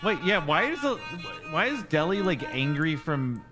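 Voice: medium pitch, sing-song, moderate pace, music in the background. Wildly swooping, confused gamer. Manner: confused, exclaiming. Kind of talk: casual gaming chat.

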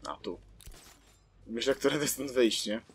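Guy doing a let's play, chatty, swears a bit, normal pitch. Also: lively intonation, normal speed, breathy edge. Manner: chatty, mild swearing, talks to himself. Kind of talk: casual gameplay commentary.

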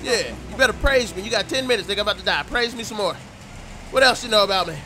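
A man doing loud, joking, profane commentary while playing a video game, shouting at the characters on screen. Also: high voice, fast talker. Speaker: gaming YouTuber. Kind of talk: let's play commentary. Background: game music and rain sounds.

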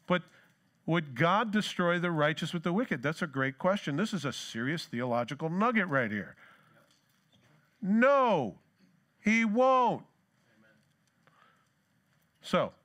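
Higher-voiced pastor giving a joking sermon. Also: male voice, lively intonation, moderate pace, a bit bright. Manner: conversational and joking, reads scripture with rising emphasis. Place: church sanctuary.

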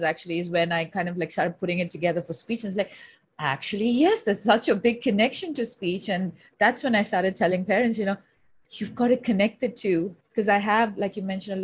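A woman who works as a speech therapist, hosting a webinar interview and chatting with a guest, agreeing readily and filling her talk with "like" and "um," heard over a video-call microphone. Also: on the low side. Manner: chatty, agreeing, many fillers like "like" and "um".

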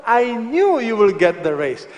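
A man's voice: extremely high pitch, very animated, unhurried, long reverb tail, voice pushed up, full character voice. A man voicing a devoted, loving wife who speaks tenderly and earnestly.

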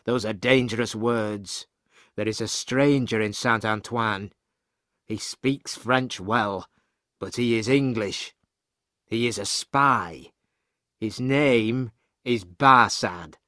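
A man voicing a grave, cautious wine-shop keeper in an audiobook, giving slow warnings. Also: lowish voice, bright, forceful tone, no echo, studio quality.

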